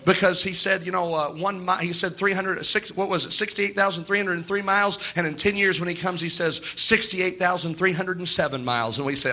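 A male preacher with a high voice and a very bright, sharp edge. He preaches with emphasis and acts out the quoted words of others in his own voice. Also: fairly even intonation, a little fast, hardly any pauses. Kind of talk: sermon.

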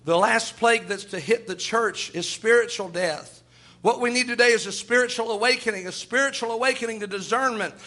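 A man's voice: very high voice, brisk, sharp tone. A man preaching a sermon with fervor, quoting scripture and acting out quoted voices.

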